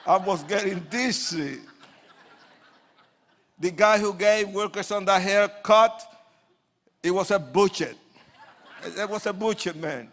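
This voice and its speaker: A man, an evangelist, telling his life story as a testimony sermon to an audience, with animated swings from hushed asides to loud outbursts. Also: sits high, slow pace, long pauses.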